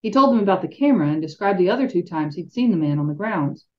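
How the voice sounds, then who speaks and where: A woman's voice: lowish voice, lively intonation, fast talker. A woman reading a fantasy novel aloud expressively as a podcast co-host, with light asides. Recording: dull lo-fi sound.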